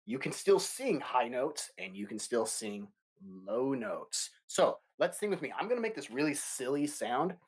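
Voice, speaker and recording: Patient music teacher talking to kids. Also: male voice, mid-range voice, very animated, slightly rough. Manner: patient, explains slowly with playful asides to kids. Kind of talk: remote music lesson for children. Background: guitar playing.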